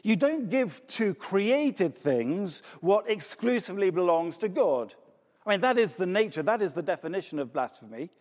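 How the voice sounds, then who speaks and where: A man delivers a sermon in a large church hall, his high voice sweeping up and down as he stresses words. Very animated at a normal speed and with a darkish tone, he asks rhetorical questions and repeats key phrases. A long hall reverb trails each line.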